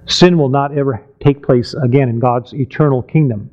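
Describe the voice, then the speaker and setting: A man's voice: mid-range voice, normal speed, highs cut off. A man preaching a Bible teaching sermon, reading scripture aloud and explaining it with questions to the listeners.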